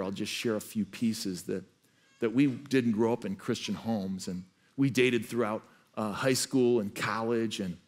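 A man preaching a sermon as pastor. He tells his story earnestly and often repeats words as he restarts. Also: medium pitch. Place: church stage.

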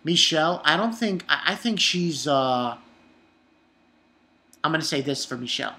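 Male reviewer, bright tone, casual and profane, rambles and chuckles. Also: a little high, animated, normal speed. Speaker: anime episode reviewer.

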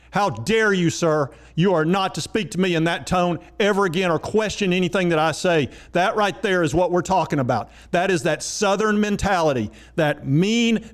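A man's voice: high voice, voice pushed up. A man voicing a condescending male sensitivity trainer who lectures and takes offense easily. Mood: indignant.

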